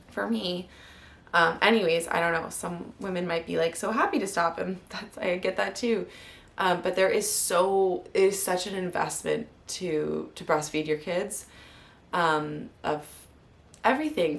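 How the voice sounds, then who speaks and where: A gravelly, fairly low-pitched voice belongs to a mother in her thirties recording a candid personal vlog. She tells her story in a heartfelt, meandering way with many fillers, sometimes on the verge of tears.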